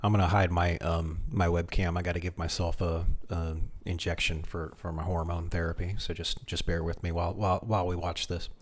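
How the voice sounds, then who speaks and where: Very low-voiced streamer man. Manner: relaxed, halting, restarts. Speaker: game streamer. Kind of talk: casual live-stream chat.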